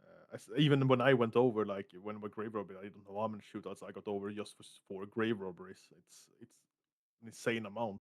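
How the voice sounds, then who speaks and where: A man's voice: on the low side, steady tone, quick pace, no echo, studio quality. A man as a guest in a casual podcast chat, hesitant and searching for words. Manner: hesitant, many fillers and restarts.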